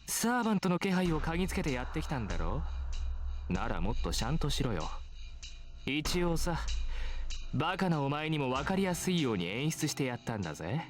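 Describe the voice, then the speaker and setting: A man's voice: fairly high pitch, very animated, very fast. An actor playing a cruel, arrogant teenage boy who taunts and looks down on everyone, in a voiced visual novel. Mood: mocking. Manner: taunting, condescending, theatrical. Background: game music.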